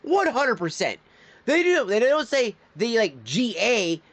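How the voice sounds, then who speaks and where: A man's voice: very high voice, huge pitch swings, a little slow, fairly bright tone. A man streaming his reactions to videos, ranting with heated, profane outbursts. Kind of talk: live reaction stream commentary.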